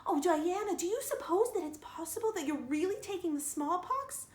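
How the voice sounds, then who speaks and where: A woman's voice: extremely high pitch, animated, normal speed, pitched above the performer's own voice. A woman voicing a dreamy, dramatic young girl who chatters theatrically. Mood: pleading. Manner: breathless, theatrical storytelling. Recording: roomy echo.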